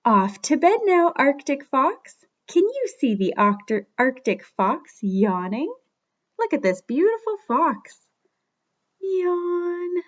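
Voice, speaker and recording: Gentle, high-voiced woman reading a bedtime story. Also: big pitch swings, takes it slowly, lo-fi sound. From Canada. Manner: gentle and playful, coaxing children to join in. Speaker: children's librarian.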